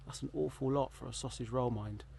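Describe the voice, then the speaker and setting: A man's voice: medium pitch, fairly even intonation, fast, creaky, warm tone, slight background noise. Upbeat southern English man outdoors. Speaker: cycling vlogger. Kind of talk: casual chat to camera. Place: outdoors, riding trails and roads.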